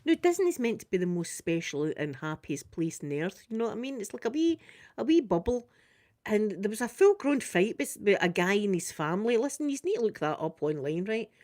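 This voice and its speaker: A Scottish woman chatting casually through a makeup ASMR video, quick and soft-spoken with frequent laughter. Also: medium pitch, very animated. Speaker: ASMR creator doing makeup.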